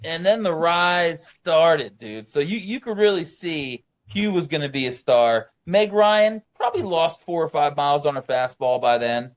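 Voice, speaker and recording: A man's voice: fairly high pitch, expressive, unhurried, hardly any pauses. A man co-hosting a casual movie podcast, enthusiastic and slangy, calling people dude and bro and reaching for sports metaphors. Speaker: podcast co-host.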